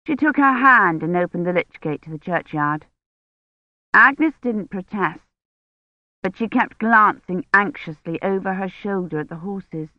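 Female audiobook narrator, measured delivery; dry, dulled studio recording. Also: mid-range voice, no echo, dull audio. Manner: measured, steady reading with voiced characters.

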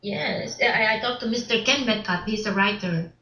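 Woman guest with a foreign accent, halting. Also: medium pitch, pushed and bright, reverberant, rough recording. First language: not English. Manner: halting, repeats words, broken grammar, laughs often. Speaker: actress and filmmaker guest. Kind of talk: casual interview.

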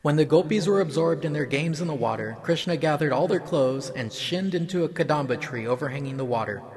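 A man reading a mythological story aloud in an even, measured storytelling voice. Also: fairly high pitch, a crowd in the background.

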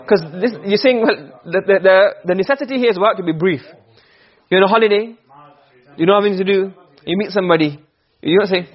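A man's voice: high-pitched, quick pace. A man teaching a lesson on rhetoric, explaining step by step, often repeating words and mixing in Arabic terms. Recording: dull lo-fi recording.

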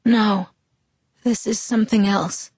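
A woman reading an audiobook, voicing a sick teenage boy who speaks in a weak, broken, hoarse whisper. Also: medium pitch, fairly even intonation, takes it slowly, a little mellow, no echo, voice pushed up. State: ill, hoarse.

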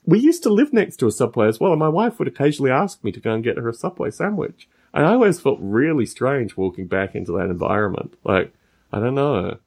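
A podcast co-host with a gravelly edge and a darkish tone chats casually, spinning wry anecdotes with sarcastic asides at a quick pace. His pitch swings widely, rising and dropping for effect.

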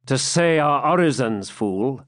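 A man voicing a grave young pilgrim who speaks with quiet authority in old-fashioned words. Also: mid-range voice, animated, a little slow, dry recording, studio quality, lightly acted. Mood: scornful. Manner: grave, commanding, archaic speech. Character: stern commanding male pilgrim, young warrior.

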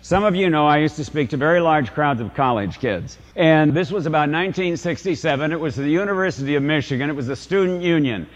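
A man's voice: fairly high pitch, quick pace, few pauses, long reverb tail, dull audio. An older man, a priest, preaching a sermon in a storytelling, confessional way, asking the congregation rhetorical questions.

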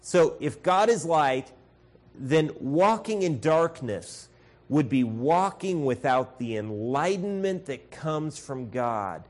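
Male pastor, sermon, slow deliberate delivery, earnest and blunt. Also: a little high, animated. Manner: earnest, addresses congregation as folks, acts out shouted voices.

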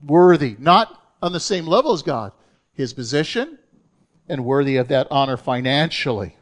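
A male pastor preaching a sermon, earnest and emphatic, slowing down to read scripture aloud. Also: medium pitch, lively intonation.

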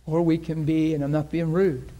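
Man, preacher, earnest conversational sermon, fairly high voice, acts out voices in his story. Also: level tone, moderate pace, warm tone. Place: church in front of a congregation.

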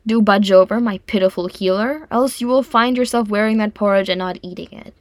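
A woman's voice: medium pitch, brisk, darkish tone, no room sound, natural voice. A woman reading a proud young male dwarf prince aloud, with a dry, wry delivery in a dry, close recording. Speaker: reader voicing a character. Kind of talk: audiobook fan fiction reading.

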